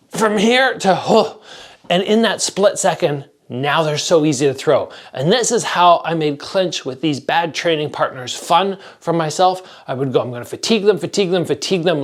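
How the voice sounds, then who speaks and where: A man coaching martial arts training, explaining straight to the camera in a direct, practical way and acting out strikes with sounds. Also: on the high side. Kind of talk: instructional talk to camera.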